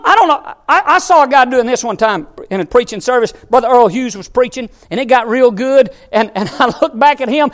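Guy preaching to his church, really high pitched, bouncy and animated, gets loud. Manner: animated, joking, building to shouts. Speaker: pastor. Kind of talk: sermon.

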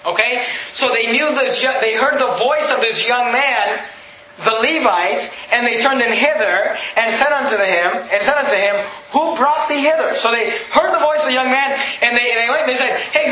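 Guy preaching, reads scripture then goes "okay?", bright voice, roomy echo. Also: very high-pitched. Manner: reads scripture aloud, then restates it conversationally with frequent "okay?". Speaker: pastor. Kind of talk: expository sermon, Bible study. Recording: echoey room, faint background noise.

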